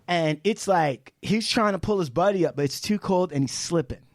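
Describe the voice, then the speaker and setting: A man telling a story on a casual podcast, swearing freely and shouting parts of it out. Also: sits high, normal speed, dry recording, clean studio sound. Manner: animated, profane storytelling with shouted re-enactments. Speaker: podcast guest, film director.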